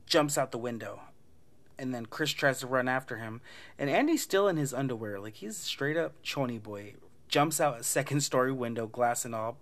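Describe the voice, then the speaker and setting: A man's voice: medium pitch, a bit bright. A man hosting a casual podcast, retelling a movie plot in a loose, profane way and acting out the lines. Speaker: podcast host recapping a film.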